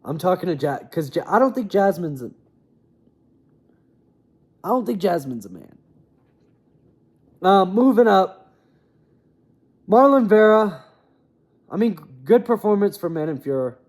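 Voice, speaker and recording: Young man, slightly high voice, casual fight recap, rambling, opinionated, mumbles asides. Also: sing-song, measured pace, long pauses, darkish tone. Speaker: MMA commentator.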